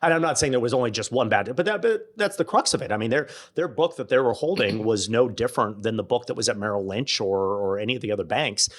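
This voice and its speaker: A middle-aged man, a podcast guest, telling stories in a relaxed conversational way and acting out other people's lines. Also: medium pitch, fast, few pauses. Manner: animated, quotes others in acted-out dialogue. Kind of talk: conversational storytelling.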